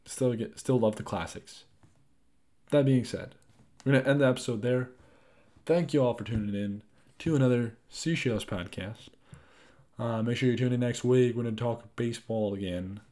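A young man hosting his own podcast, chatting loosely and rambling, with frequent swearing and lively asides. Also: medium pitch, moderate pace. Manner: rambling, profane, animated asides. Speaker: podcast host. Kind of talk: casual solo podcast chat.

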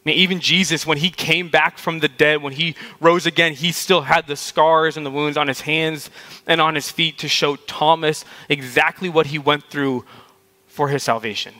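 Man, sermon, casual storytelling, slightly high voice, bright and forceful tone. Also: fairly even intonation, normal speed. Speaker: preacher.

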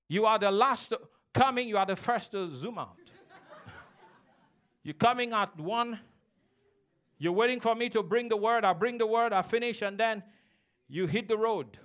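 A pastor with a strikingly high, somewhat bright voice preaches in church at normal speed with long pauses. He draws call-and-response from the congregation and slips into playful childish voices to make his points.

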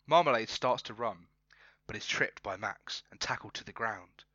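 Guy reading out his goofy story, bright voice, keeps cracking up, kinda dull dry recording. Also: lowish voice, normal speed, dry recording. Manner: laughs often, breaks off to comment. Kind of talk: casual comedic story reading.

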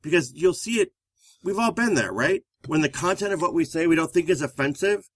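A fairly high-voiced man talks through relationship advice as a therapist and co-host. He explains steadily and turns to the audience with questions. The sound is close and dry, with no room around it. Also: brisk, husky, dry recording. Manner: steady, explanatory, addresses listeners directly. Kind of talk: conversational relationship advice show.

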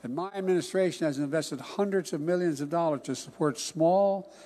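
An older man giving a political speech in a folksy, emphatic way, often dropping into hushed asides. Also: on the high side, a little fast, a little hiss or hum. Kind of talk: political campaign-style speech.

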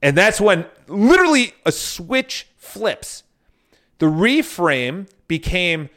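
A man's voice: fairly high pitch, very animated, a little slow, a bit bright. A man speaking to viewers in a casual motivational monologue, telling stories with frequent restarts and casual swearing. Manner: addresses viewers directly.

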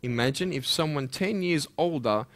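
A man giving a motivational speech to a school audience, impassioned, firing rhetorical questions and swinging between loud urging and hushed intensity. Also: fairly high pitch, normal speed. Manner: direct rhetorical questions to listeners. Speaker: motivational speaker.

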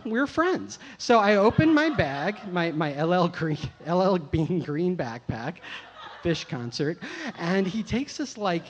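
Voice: mid-range voice, slight background noise. An adult storyteller telling a personal tale, rambling and self-mocking, full of "you know" and "like". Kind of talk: live first-person storytelling. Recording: muffled lo-fi recording.

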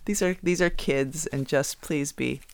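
A man co-hosting a podcast in casual chat, telling stories and getting animated when he quotes others. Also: on the high side, measured pace, gravelly, dry recording. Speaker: podcast co-host; youth basketball coach.

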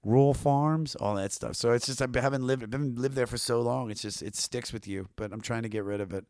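A man's voice: mid-range voice, steady tone, fast talker, no room sound, clean studio sound. A man with a Baltimore accent, chatting casually as a podcast guest, rambling with many fillers. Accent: Baltimore, Maryland. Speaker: podcast guest, band drummer. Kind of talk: casual chat.

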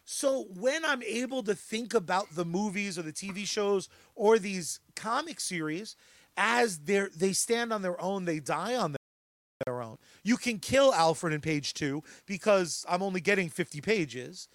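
A man co-hosting a podcast, talking with excitable enthusiasm and casual swearing. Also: sits high, unhurried, no room sound, studio quality. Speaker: podcast co-host.

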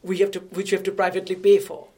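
A woman from India, a guest researcher, explaining her work in a conversational interview in a measured way with frequent restarts. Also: medium pitch, monotone, darkish tone.

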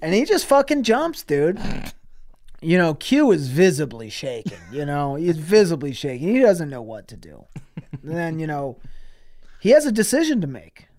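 A man's voice: a little high, big pitch swings, moderate pace, darkish tone. A man co-hosting a podcast, escalating an absurd, crude improvised story with swearing and laughter. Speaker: podcast co-host.

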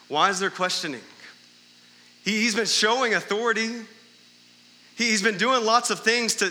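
A man's voice: high voice, pushed and bright, in a large hall. A male pastor preaching a sermon in a church, talking conversationally and tossing in rhetorical questions and "right?" asides. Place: church sanctuary during a service.

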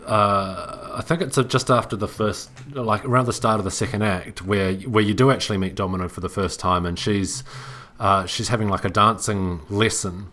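A man with a very deep voice recaps a film plot in casual podcast chat. He talks haltingly, restarting phrases as he goes. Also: steady tone, sharp tone.

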